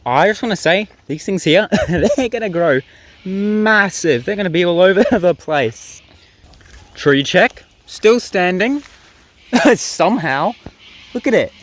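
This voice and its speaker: A young man with a notably high voice talks casually to the camera outdoors in the bush. He giggles often between his phrases, keeping the tone light and chatty. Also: animated, takes it slowly, a bit bright, rough recording. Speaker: vlogger. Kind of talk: casual outdoor gardening vlog.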